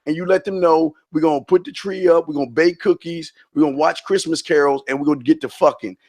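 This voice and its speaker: A man's voice: on the high side, steady tone, fast, a little mellow, dry recording. A man co-hosting a podcast in a brash, profane and emphatic way. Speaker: podcast co-host. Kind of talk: casual crude podcast talk.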